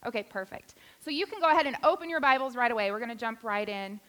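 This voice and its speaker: A woman's voice: a little high, expressive, quick pace, fairly bright tone. A woman preaching a sermon to a church congregation, with playful, self-deprecating humor. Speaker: guest preacher. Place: church sanctuary.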